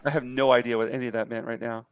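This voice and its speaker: A man's voice: medium pitch, little pitch movement, rapid-fire, crowd noise. A man hosting a live art stream, telling stories in a rambling, easygoing way. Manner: rambling, many fillers and restarts. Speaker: stream host. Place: home, lives in Japan.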